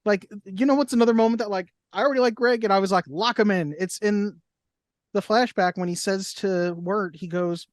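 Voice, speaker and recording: Animated podcast co-host, dry close sound. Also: mid-range voice, fairly quick, dry recording. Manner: animated, quotes scenes in acted asides. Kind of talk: casual chat.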